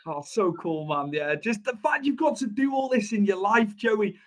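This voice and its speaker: High-voiced enthusiastic male host. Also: lively intonation, moderate pace. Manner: enthusiastic, heaps praise on the guest. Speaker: podcast host. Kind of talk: casual interview chat.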